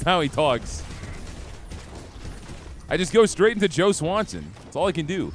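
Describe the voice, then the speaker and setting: A young man with a fairly high, sing-song voice speaks unhurriedly and pauses often. He's streaming a game live, offering gameplay commentary and chatting upbeat and casual with his viewers as he plays.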